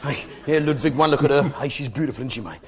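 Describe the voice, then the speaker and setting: A comedian playing a boastful, jingoistic English pub landlord with an English accent, bellowing chummy asides to a live audience. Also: male voice, medium pitch, fast talker, natural voice. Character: loud boastful English pub landlord, middle-aged man. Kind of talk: stand-up comedy character act.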